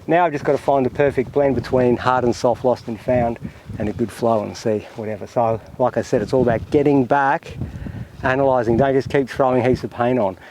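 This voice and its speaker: Out in windy open country, a man from Australia narrates a painting demonstration at a brisk pace, his medium-pitched voice set against background noise. He sounds relaxed and reflective, as if chatting to himself while he paints.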